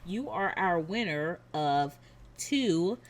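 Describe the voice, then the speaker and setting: A woman hosting a craft channel, announcing giveaway winners to her viewers and reading out names and numbers slowly and carefully. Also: on the low side, animated.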